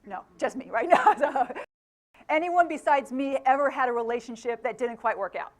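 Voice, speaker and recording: A middle-aged woman gives a motivational talk, with a fairly high voice. She keeps the room involved, throwing questions at the audience and laughing easily. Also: moderate pace. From England. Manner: engaging, asks the audience questions, laughs often. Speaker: motivational speaker.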